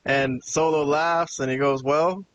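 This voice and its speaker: A man's voice: medium pitch, moderate pace, dull audio. A man hosting a podcast, casually recapping a wrestling show and acting out the quoted lines as he tells it. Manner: animated retelling with quoted dialogue. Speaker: podcast host.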